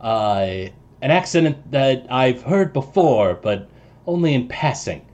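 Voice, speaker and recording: A man's voice: mid-range voice, very animated, slow, a little mellow, dull audio. A man voicing a nervous, formal male house servant in a tabletop game, speaking hesitantly and adding "sir" often. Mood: deferential.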